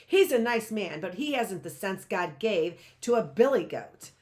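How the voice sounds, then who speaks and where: A woman's voice: medium pitch, animated, a little slow, darkish tone, lightly acted. A woman voicing a plucky, plainspoken young boy in a storybook reading. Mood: cheeky. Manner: frank, plainspoken.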